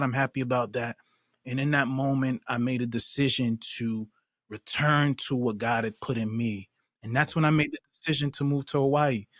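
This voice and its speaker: A man's voice: mid-range voice, fairly bright tone, no room sound, studio quality. A man, a podcast guest, earnestly recounting a personal story with emphatic, acted-out quotes.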